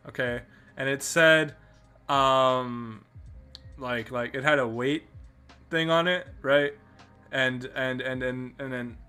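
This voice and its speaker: Man, Canadian accent, podcast host, rambling storyteller, bright forceful tone, faint music behind. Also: mid-range voice. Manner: rambling, many restarts and fillers. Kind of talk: casual chat, telling a travel story.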